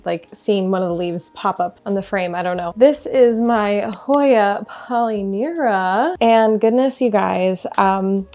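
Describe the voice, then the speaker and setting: A woman's voice: medium pitch, darkish tone. A young woman vlogging casually about her houseplants, rambling and gushing with frequent giggles. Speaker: plant vlogger. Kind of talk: casual chatty vlog.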